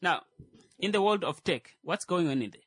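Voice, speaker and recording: A man with a slightly high voice rambles through a comic tech rant, full of fillers, restarts and mocking asides. The recording is dry and close, with no room sound. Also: lively intonation, moderate pace, fairly bright tone, husky, dry recording. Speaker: commentator. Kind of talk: comedic tech commentary.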